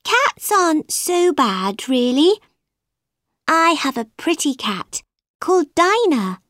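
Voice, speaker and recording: Woman doing a polite chatty little girl from a storybook, high voice, says sorry a lot. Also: big pitch swings, takes it slowly, fairly bright tone, no echo, clean studio sound, full character voice. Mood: apologetic. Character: polite, curious young girl, shrunk tiny. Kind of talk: storybook reading.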